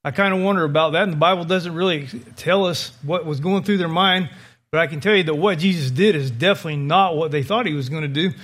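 Male pastor, pretty high voice, telling a bible story with lots of life. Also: fast. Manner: vivid, animated storytelling. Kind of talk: sermon.

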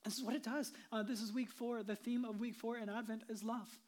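A woman pastor preaching with earnest conviction and a fairly high voice. She presses hard on key points, then drops to a hush or a near whisper. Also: steady tone, fairly quick. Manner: earnest, swings between emphatic and hushed, drops to whispers. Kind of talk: sermon.

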